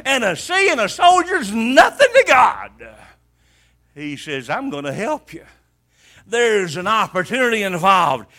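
A man preaching a sermon, swinging from hushed asides to shouted emphasis. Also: high-pitched, very animated, a little slow.

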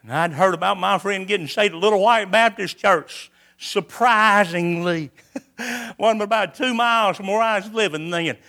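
Bright, high-voiced folksy preacher man. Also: normal speed. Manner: folksy, repetitive storytelling. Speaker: preacher giving his testimony. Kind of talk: sermon testimony.

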